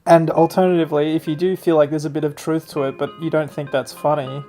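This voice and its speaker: A man's voice: a little high, level tone, quick pace, warm tone, soft background music. A man co-hosting a podcast in casual chat, joking in a dry, playful way. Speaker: podcast co-host.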